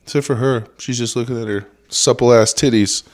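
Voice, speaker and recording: A man's voice: medium pitch, fairly even intonation, normal speed. A young man hosting a solo comedy podcast, swearing a lot and mocking what he reads in a sarcastic rant. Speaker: podcast host.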